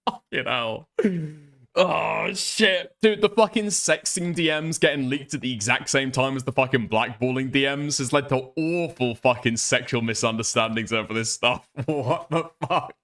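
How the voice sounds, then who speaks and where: A man's voice: mid-range voice, normal speed, a bit bright. A man streaming live, reacting to a clip with profane, exasperated commentary and laughing asides.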